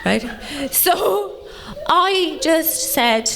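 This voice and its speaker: An Irish woman in her late thirties performing a bawdy stand-up set with deadpan punchlines, teasing the crowd. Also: fairly high pitch, extremely slow, creaky. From Ireland. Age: late 30s. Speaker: stand-up comedian. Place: comedy club stage before a live audience.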